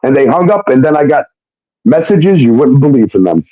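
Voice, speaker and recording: A man's voice: medium pitch, fairly quick, dry recording. Guy ranting through his story, cusses a lot, dry muffled sound. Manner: profane, animated retelling with quoted dialogue. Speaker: guest telling his story. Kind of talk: casual storytelling.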